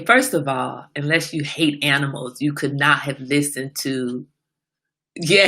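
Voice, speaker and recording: A woman hosting a casual livestream who tells a story with animated delivery, greeting viewers and answering their comments along the way. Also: low-pitched. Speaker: livestream host.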